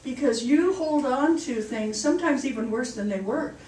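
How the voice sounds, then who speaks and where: A woman's voice: high voice, expressive, normal speed, darkish tone. A woman minister giving a sermon in a chatty, storytelling way. She laughs at her own jokes. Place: church hall. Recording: echoey hall, mic far off.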